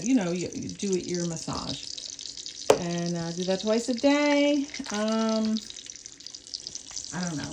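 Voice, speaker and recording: A woman's voice: mid-range voice, background noise. A young woman giving a pet sitter casual, rambling instructions in her home kitchen, full of fillers and restarts. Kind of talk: casual home video walkthrough.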